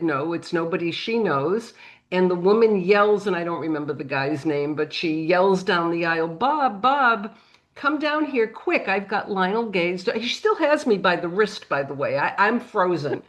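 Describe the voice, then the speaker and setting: Animated New England woman telling a story. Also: lowish voice, moderate pace. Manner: animated anecdote with acted-out quotes. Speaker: panel guest. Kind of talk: storytelling on a panel.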